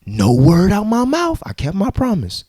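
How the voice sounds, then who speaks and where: A man hosting a podcast, telling a story in a casual, animated and profane way and acting out the people in it. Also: high voice, normal speed, slightly rough. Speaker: podcast host.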